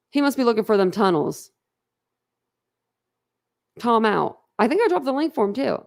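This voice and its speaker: A woman's voice: a little high, big pitch swings, normal speed, vocal fry, long pauses. A woman hosting a livestream, chatting casually and bluntly with viewers, rambling and laughing often. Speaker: livestream host. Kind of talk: casual chat with live viewers.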